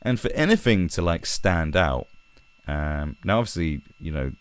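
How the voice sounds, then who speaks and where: A man's voice: sits low, expressive, unhurried, smooth. A man delivering a sweary, sarcastic ranting commentary, with mocking put-on voices. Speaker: commentary vlogger.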